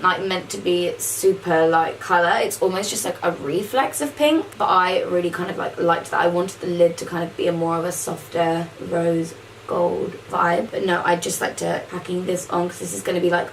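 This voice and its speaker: A woman's voice: on the low side, far from the mic, a little hiss or hum, rough recording. A woman casually talking through a makeup tutorial, chatty and saying "like" a lot. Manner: chatty, says "like" often. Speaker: makeup vlogger.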